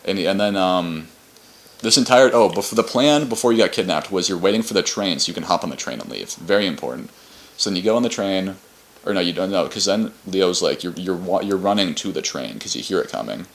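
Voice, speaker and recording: A man's voice: deep voice, lively intonation, brisk, gravelly. A young man co-hosting a podcast, recapping a game's story in casual, rambling chat with lots of restarts and loose swearing. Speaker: podcast co-host.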